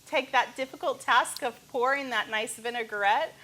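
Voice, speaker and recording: A woman's voice: on the high side, normal speed, pushed and bright. A woman demonstrating a recipe step by step in a studio kitchen, as a charity board member on a TV show. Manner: clear, step-by-step instructing. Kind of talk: cooking demonstration.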